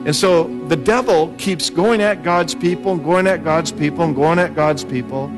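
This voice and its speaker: A man preaching an earnest, encouraging sermon with slow, steady emphasis. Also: a little high. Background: music.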